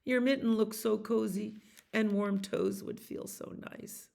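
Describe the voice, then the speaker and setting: A woman's voice: medium pitch, fairly even intonation, measured pace, creaky, darkish tone. A woman voicing a small male mouse in a storybook, speaking in a teeny tiny voice. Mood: pleading.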